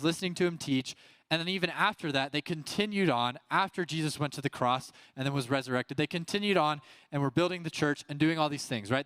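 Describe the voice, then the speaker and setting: A man's voice: on the high side, a bit bright, clear, resonant tone, no echo. A young man, a youth pastor, preaching a casual youth sermon and telling the story loosely, acting out the voices of the people in it. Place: youth service room.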